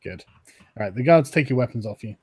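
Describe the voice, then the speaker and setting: A man runs a tabletop game, narrating the scene in a loose, hesitant way. His voice sounds soft and mellow, with a husky grain. The sound is close and plain. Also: medium pitch. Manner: relaxed, halting narration with fillers and laughs. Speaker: game master.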